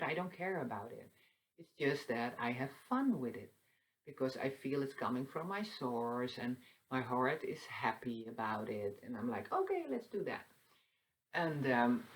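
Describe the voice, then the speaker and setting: A woman hosting a spiritual talk that moves into a guided meditation, speaking softly and meandering, with light laughs. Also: extremely low pitch, low-quality recording. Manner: soft, slow and meandering, with frequent fillers and light laughs. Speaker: spiritual channel host. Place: seated indoors.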